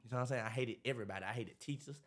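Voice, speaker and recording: A man, talking in a casual interview about his life, animated and preachy, acting out what others say. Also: medium pitch, rapid-fire. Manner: animated, preachy storytelling with acted-out quotes. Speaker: podcast guest, motivational speaker.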